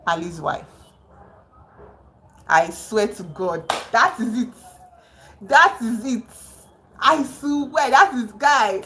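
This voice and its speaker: Woman livestream host, casual chat, emphatic exclaiming storyteller, medium pitch. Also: a bit bright, slight background noise, low-quality recording. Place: home.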